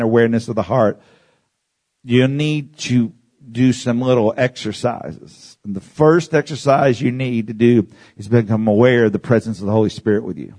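A man's voice: medium pitch, darkish tone. A man preaching to a congregation. He guides listeners through exercises, repeats his phrases, drops in "Amen" and calls for responses. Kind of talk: sermon teaching.

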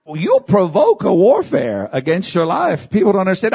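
A male pastor preaches to his congregation in a fairly high voice that leaps and falls with real animation. He builds to shouted peaks and keeps calling for amens from the room. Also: huge pitch swings, normal speed, vocal fry, few pauses, breathy edge. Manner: preaching with big swings in pitch, shouting at peaks; addresses congregation with calls of amen. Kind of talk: sermon.

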